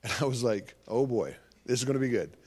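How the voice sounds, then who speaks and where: A man's voice: medium pitch, animated, brisk, darkish tone. A man giving a live talk to an audience as a Christian ministry speaker, telling stories animatedly and acting out conversations.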